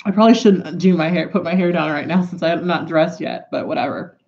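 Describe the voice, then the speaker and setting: A woman's voice: lowish voice, brisk, a little mellow, lo-fi sound. A woman vlogger telling a story in a loose, profane, rambling way, breaking into asides while she does her makeup at home. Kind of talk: casual storytime vlog.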